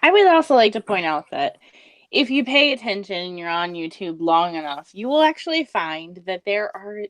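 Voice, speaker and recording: A woman co-hosting a podcast in measured, giggly casual chat. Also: medium pitch, big pitch swings, fairly bright tone, dry recording. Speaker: podcast co-host.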